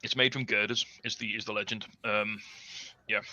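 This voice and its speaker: A man with a Liverpool accent chatting as a podcast guest, quick and cheeky. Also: fairly low pitch, level tone, sharp tone, no echo, dull audio. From Liverpool, England. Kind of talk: casual podcast chat.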